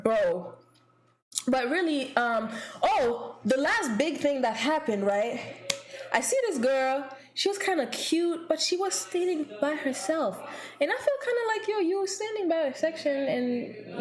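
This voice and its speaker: A young woman streamer telling a story in casual chat, animated and blunt, swearing and laughing often. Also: high voice, moderate pace.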